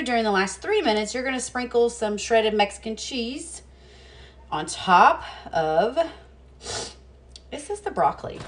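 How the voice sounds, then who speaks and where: A woman's voice: a little high, a little hiss or hum. A woman chatting casually to the camera while she preps meals in her home kitchen, talking to herself as she works and laughing at her own mishaps. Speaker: cooking vlogger. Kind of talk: casual cooking demo chat.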